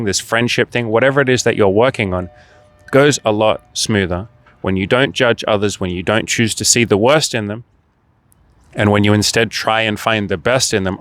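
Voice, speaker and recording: A man with a somewhat low voice gives a motivational talk straight to camera as a dating coach. He is blunt and emphatic, swears freely and piles up rhetorical questions, and the sound is dry and close. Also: a bit bright, no room sound. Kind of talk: direct-to-camera motivational monologue.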